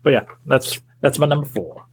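A man's voice: on the high side, moderate pace, gravelly, slightly rough. A man co-hosting a casual podcast, easygoing, laughing often, with many fillers. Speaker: podcast co-host. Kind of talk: casual chat.

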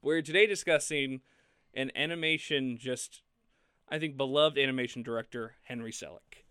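A man co-hosting a film podcast in casual chat, animated and laughing often as he talks. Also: medium pitch, moderate pace, clear, resonant tone, no room sound. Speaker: podcast co-host.

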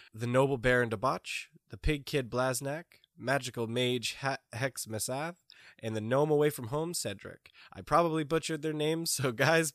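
A man's voice: medium pitch, no room sound, studio quality. A man, a regular player on a tabletop podcast, chatting casually and joking. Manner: relaxed, joking, enthusiastic. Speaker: podcast player and former game master. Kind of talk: casual chat.

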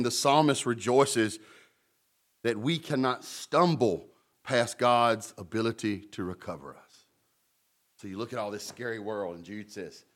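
A man pastor preaching a sermon in a conversational way, with humorous stories and asides between scripture readings. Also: mid-range voice.

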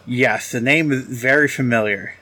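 Brief: male co-host, middle pitch, dry teasing interjections. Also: moderate pace, pushed and bright. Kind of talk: casual chat.

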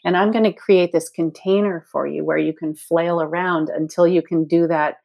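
A woman's voice: lowish voice, fairly even intonation, normal speed, vocal fry, warm tone. A woman in her sixties speaking earnestly as an interview guest, acting out inner voices with playful shifts. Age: 60s. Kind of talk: reflective interview talk.

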